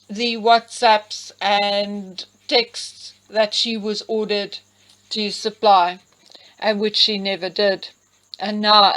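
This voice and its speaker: A woman's voice: fairly high pitch, a bit bright, rough recording. A woman reading a legal document aloud, breaking off with emphatic asides to her listeners. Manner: slow, deliberate reading.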